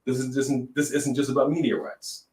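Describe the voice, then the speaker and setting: Animated man talking wrestling, echoey room. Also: medium pitch, fairly quick, distant mic. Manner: animated, sings jokingly, reads in a newscaster voice. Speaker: podcast co-host. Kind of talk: casual wrestling chat.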